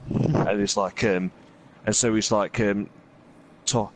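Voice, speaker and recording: A man's voice: fairly low pitch, fairly even intonation, slow, a little hiss or hum. A man hosting a gaming video, casually retelling a story in a rambling way, full of fillers and quoted asides. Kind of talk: casual storytelling while playing a game.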